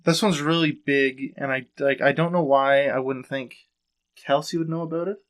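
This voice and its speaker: A man's voice: medium pitch, steady tone, normal speed, fairly bright tone. A man co-hosting a casual podcast, rambling and thinking aloud with fillers. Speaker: podcast co-host. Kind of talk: casual chat.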